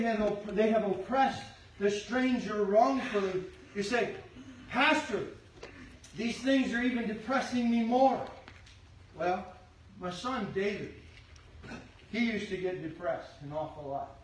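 A middle-aged man preaching a sermon as pastor, fervently shouting his exhortations to the congregation. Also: high voice. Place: church sanctuary. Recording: echoey sanctuary from far off with faint hum.

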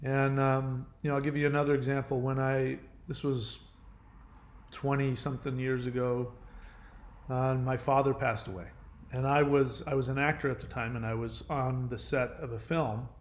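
A man's voice: mid-range voice, level tone, moderate pace. A middle-aged man speaking earnestly to camera in a candid self-help monologue, with many fillers and restarts.

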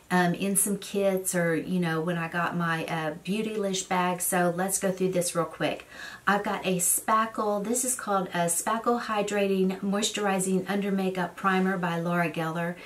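A middle-aged woman, chatting casually and rambling on as a beauty vlogger. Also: medium pitch. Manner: rambling storyteller who goes on and on. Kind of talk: casual get-ready-with-me chat.

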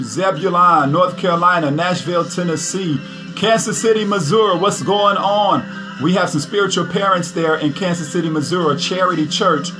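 A man, a pastor and prophet greeting viewers on a livestream, upbeat and chatty, repeating his greetings. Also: a little high.

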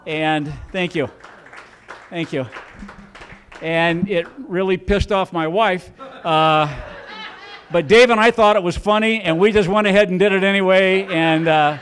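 High-voiced older man doing stand-up. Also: unhurried, a bit bright, a little hiss or hum. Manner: rambling, folksy, self-mocking. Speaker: stand-up comedian. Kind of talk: stand-up comedy set. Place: comedy club stage.

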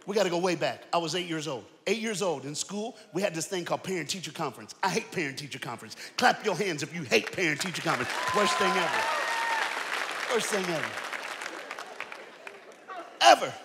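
A man preaching an energetic sermon to a church crowd, calling out to them. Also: fairly high pitch, fairly quick, background noise. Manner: animated, shouting preaching with crowd call-outs. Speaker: guest preacher. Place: large church auditorium. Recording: long hall reverb.

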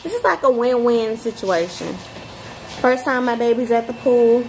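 A woman vlogging about her baby's day and talking fondly to the child. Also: a little high. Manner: slow and affectionate, talks to her baby. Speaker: vlogger, mother. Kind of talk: casual family vlog narration. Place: outdoor pool. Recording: echoey with loud water noise.

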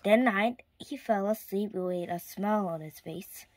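A woman reading a children's picture book aloud in a clear storytime manner, now and then dropping to a whisper. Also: mid-range voice, measured pace, a little mellow. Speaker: storybook reader.

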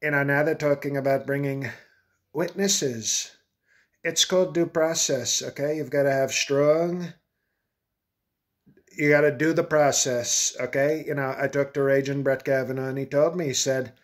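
A man's voice: mid-range voice, steady tone, normal speed, natural voice. A man doing a comedic impression of a boastful older male ex-president who rambles and repeats himself. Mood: blustering. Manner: rambling, repetitive, self-aggrandizing.

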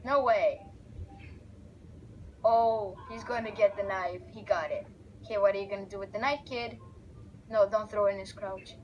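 Excitable young woman narrating a game. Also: medium pitch, a little slow, long pauses, a little hiss or hum, poor audio. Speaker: gamer. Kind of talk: let's play commentary.

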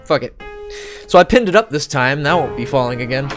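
A male gamer chatting loosely and cursing freely while he plays alone at home. His pitch bounces all over, and game music runs steadily underneath. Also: expressive, brisk. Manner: rambling, self-mocking, profane. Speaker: gaming channel host. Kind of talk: casual Let's Play commentary. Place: home room.

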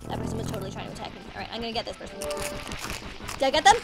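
A young woman giving excited, bubbly commentary while playing a game, gasping and squealing often. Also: fairly high pitch, very fast, creaky. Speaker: gaming channel host. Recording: game music playing behind.

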